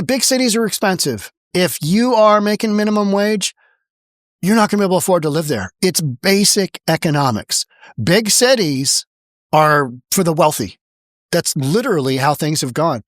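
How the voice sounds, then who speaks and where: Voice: mid-range voice, no echo, clean studio sound. A political commentary host delivering blunt, mocking opinion commentary with repeated emphasis. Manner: sarcastic, mocking. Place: home in Washington State.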